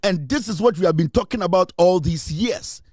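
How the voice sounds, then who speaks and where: A man with a Ghanaian accent hosts an impassioned commentary show mixing English and Twi, preaching and repeating lines for emphasis. His high voice is a little fast and a little mellow, in clean studio sound with no room sound.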